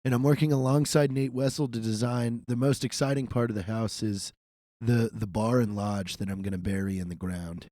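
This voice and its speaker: A man on a podcast describing plans with excited, stammering restarts. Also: mid-range voice, normal speed, dry recording, clean studio sound. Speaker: podcast co-host. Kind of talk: casual chat.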